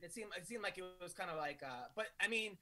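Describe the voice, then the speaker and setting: Comedian guy chatting on a podcast, stumbles and repeats himself, bright high voice. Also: expressive. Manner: halting, repeats words, quotes people. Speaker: guest comedian. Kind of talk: casual chat.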